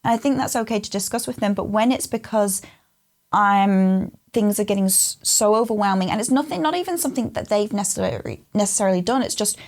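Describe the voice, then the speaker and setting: A woman co-hosting a casual panel chat, talking earnestly and often restarting her sentences. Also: mid-range voice. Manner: earnest, halting with many restarts. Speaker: podcast co-host.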